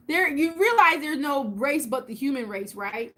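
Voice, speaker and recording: A woman's voice: high-pitched, expressive, moderate pace, a bit bright. A woman hosting a casual live stream, chatting with viewers by name and repeating points for emphasis. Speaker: YouTube host on a livestream.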